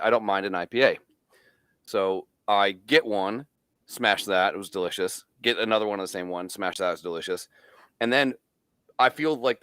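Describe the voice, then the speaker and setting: A man's voice: lowish voice, clean tone, no echo, clean studio sound. A man, co-hosting a podcast and telling stories in casual banter, swearing freely. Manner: swearing, storytelling, animated. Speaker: podcast co-host.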